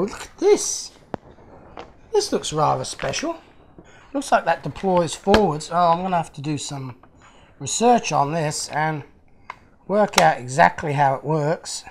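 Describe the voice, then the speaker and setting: Lively, chatty man unboxing fan mail. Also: on the high side, vocal fry, slight background noise. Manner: chatty and easily delighted, chuckling often. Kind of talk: casual unboxing chat.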